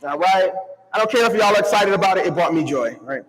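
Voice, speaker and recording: A man giving an energetic motivational keynote to a live crowd, calling on the audience to answer and move along with him. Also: high voice, fast. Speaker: motivational speaker. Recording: long hall reverb.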